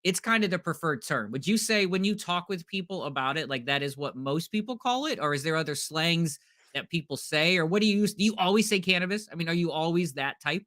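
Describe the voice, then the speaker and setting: Chatty, bright male podcast co-host. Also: on the high side, expressive, brisk. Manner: chatty, asks questions, jokes. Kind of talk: casual chat.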